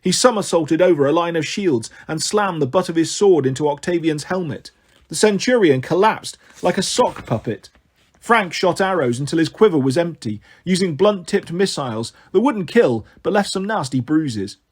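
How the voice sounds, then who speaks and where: A man narrating an adventure novel in a measured, expressive reading voice. His voice sits a little high for a man. He paces the action steadily. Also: breathy edge. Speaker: audiobook narrator. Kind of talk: storytelling narration.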